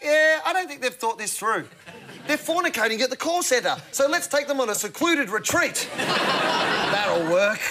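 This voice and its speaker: Australian male comic host, wry punchlines, high lively voice, big audience laughs. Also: measured pace, a crowd in the background. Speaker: comedy panel show co-host. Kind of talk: reading joke news segment. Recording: loud studio audience laughter.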